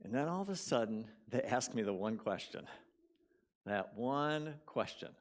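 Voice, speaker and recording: A man giving a conversational storytelling sermon as guest speaker in a church, swinging between loud bursts and quiet drops and repeating words for emphasis. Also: mid-range voice, animated, measured pace. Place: church sanctuary.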